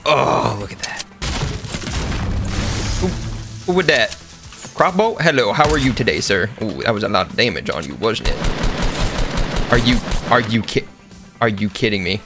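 A young man giving goofy, excitable commentary over his own gameplay, joking along and breaking into sudden high yelps. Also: measured pace, long pauses. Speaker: gaming streamer. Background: background music.

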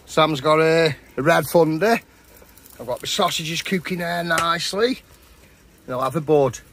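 A man's voice: fairly high pitch, measured pace, a bit bright. A man chatting casually and matily while cooking outdoors at a campsite. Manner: chatty, matey, rambling. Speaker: vlogger.

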